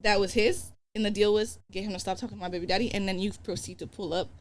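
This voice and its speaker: Fast-talking, animated young woman storyteller. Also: medium pitch. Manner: animated, profane, acts out quoted dialogue. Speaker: podcast guest. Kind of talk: casual storytelling chat.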